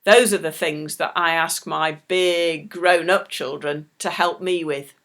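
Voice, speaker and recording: A middle-aged woman leading a children's church talk, speaking slowly and gently to small children. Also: low voice. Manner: slow, animated, talks warmly to small children.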